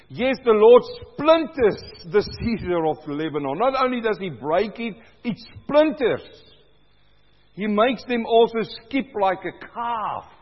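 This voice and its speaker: Loud preacher in an echoing hall. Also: male voice, husky. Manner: loud, booming preaching that swells in volume. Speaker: pastor. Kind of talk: sermon. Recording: dull, lo-fi sound with long hall reverb.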